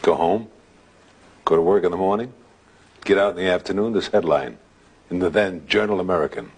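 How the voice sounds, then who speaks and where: A man telling a ghost anecdote in a relaxed, halting way, with restarts and filler sounds. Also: deep voice, husky. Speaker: guest telling a story. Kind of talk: anecdotal storytelling.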